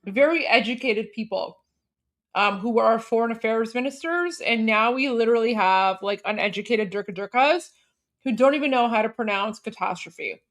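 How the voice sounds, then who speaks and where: A sharp-tongued woman hosts a reaction stream, scornful and animated. Her voice sits somewhat high, and she talks between bites of food. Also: normal speed. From Canada. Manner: eating while talking. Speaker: host.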